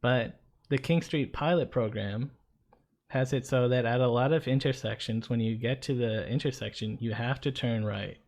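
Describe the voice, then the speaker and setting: Male co-host, chatty anecdote-teller, average pitch, casual tone. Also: moderate pace. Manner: animated anecdote-teller, conversational. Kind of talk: casual storytelling chat.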